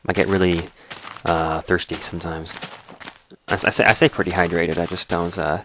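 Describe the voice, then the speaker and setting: Deep-voiced man with a dry throat. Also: normal speed, background noise. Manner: rambling, relaxed, narrates as he plays. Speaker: let's play host. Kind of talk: casual gaming commentary.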